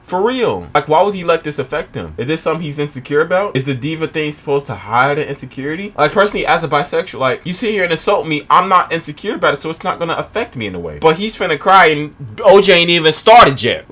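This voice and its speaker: A man's voice: a little high, fast talker. A man hosting a reaction video, commenting casually and questioning what he watches. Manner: animated, questioning, talks back at the clip.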